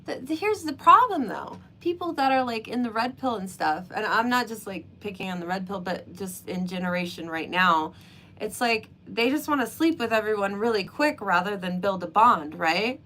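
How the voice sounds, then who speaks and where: A woman's voice: medium pitch, expressive, normal speed, pushed and bright. A woman hosting a casual livestream chat, talking through her views with lots of fillers and frequent laughter. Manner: chatty, laughs often, many fillers. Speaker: livestream host.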